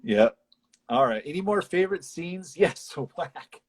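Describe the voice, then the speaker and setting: Husky man chatting casually about a film. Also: unhurried. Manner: animated retelling, acts out lines in high voices. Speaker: podcast co-host.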